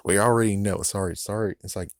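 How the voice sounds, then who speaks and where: Deep-voiced man ranting casually. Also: steady tone, normal speed, no echo, clean studio sound. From United States. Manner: rambling, profane, frequent laughs and self-corrections. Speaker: YouTube commentator. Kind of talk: casual reaction commentary.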